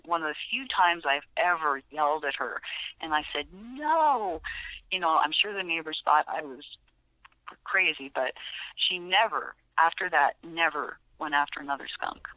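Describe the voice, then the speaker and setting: A woman's voice: lowish voice, pushed and bright, dry recording, low-quality recording. A woman animal behaviorist chatting as a podcast guest, telling stories with frequent fillers and restarts. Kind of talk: podcast interview.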